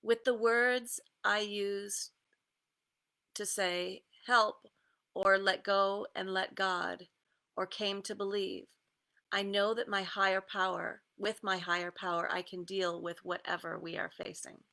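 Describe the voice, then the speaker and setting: A woman creativity coach talks slowly and easily through a guided meditation, stopping often with fillers. Her voice is bright but has a gravelly edge. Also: medium pitch, little pitch movement. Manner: easygoing, with many pauses and fillers, and laughs. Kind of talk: casual guided meditation talk with readings.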